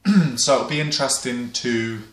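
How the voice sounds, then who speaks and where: A man's voice: mid-range voice, moderate pace, fairly bright tone. A young man from England, talking casually to camera with a rambling, um-filled style and plenty of swearing. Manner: rambling, many ums, swears freely. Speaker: vlogger. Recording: roomy echo.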